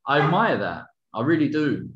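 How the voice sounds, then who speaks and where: A man's voice: on the high side, very animated, normal speed, a loud crowd. Joking stammering man, dull lo-fi sound. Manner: joking, stammering repeats, loose and profane. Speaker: podcast co-host. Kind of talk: casual chat and storytelling.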